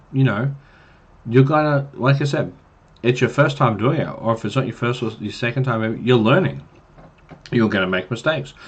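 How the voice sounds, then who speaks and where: A man's voice: mid-range voice, breathy edge. A man casually giving tips to new game masters on a livestream, rambling and chatty with many fillers. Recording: dull lo-fi stream mic.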